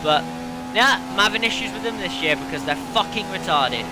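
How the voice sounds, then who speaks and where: Racing car engine sounds from the game run under a man's frustrated, swearing rant as he hosts a racing game video for his gaming channel. His voice sits high, expressive and a little fast.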